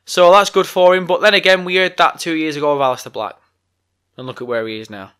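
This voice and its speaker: A man's voice: on the high side, fairly even intonation, fast, bright, forceful tone, smooth. A man hosting a solo wrestling podcast, ranting bluntly and swearing a lot. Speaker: podcast host.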